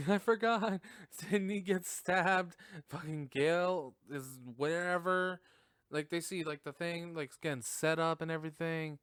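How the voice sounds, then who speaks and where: A man's voice: on the high side, a little slow, a bit bright, clean tone, no room sound, studio quality. A man hosting a podcast, recapping a film in a rambling, casual way, laughing often and swearing freely. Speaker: podcast host reviewing a film.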